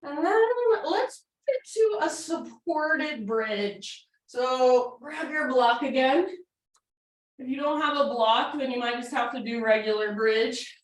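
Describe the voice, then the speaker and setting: A woman's voice: sits high, takes it slowly. A woman teaching a yoga class, giving casual, encouraging cues while she demonstrates poses, a little out of breath. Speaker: yoga instructor. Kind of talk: guided yoga class instruction. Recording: echoey room, mic at a distance.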